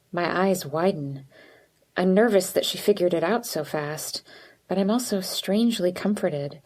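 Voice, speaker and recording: A woman reading a first-person audiobook in an even, measured way. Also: fairly low pitch. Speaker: audiobook narrator.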